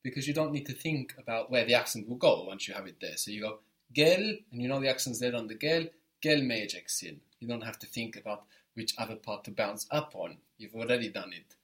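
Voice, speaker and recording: A man's voice: mid-range voice, fast talker, few pauses, fairly bright tone. A man teaching a spoken language lesson, patiently explaining step by step and encouraging his student.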